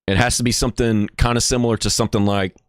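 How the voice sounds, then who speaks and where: A man's voice: mid-range voice, steady tone, very fast, clear, resonant tone, no echo, studio quality. A man streaming live in casual chat, jokey and rambling, laughing often and restarting his words.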